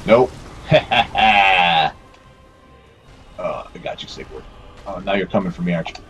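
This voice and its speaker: Low-voiced male let's player, profane and self-critical, chatting to in-game characters. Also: fast talker, soft background music. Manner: swearing, self-scolding and talking to the game's characters. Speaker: gameplay commentator. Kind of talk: let's play commentary.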